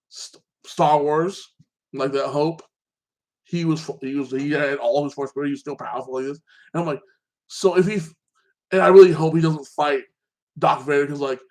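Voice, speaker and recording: A man's voice: fairly high pitch, a little mellow. A man casually recapping a TV episode, rambling and opinionated, filling his talk with "like that" and restarting sentences. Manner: opinionated, ranting about plot holes. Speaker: host.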